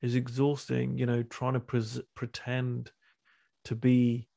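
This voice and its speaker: A man in his thirties, a guest speaker and men's retreat coach, talks candidly as a guest in a casual video-call conversation, often restarting his words. His mid-range voice is creaky and dark in tone, with a completely flat, slow delivery.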